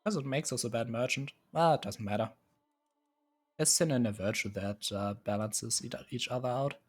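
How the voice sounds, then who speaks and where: A man's voice: mid-range voice, normal speed, slightly rough. A man streaming live, casually musing and hesitating as he sets up a strategy game, chuckling often. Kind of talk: casual live gameplay commentary.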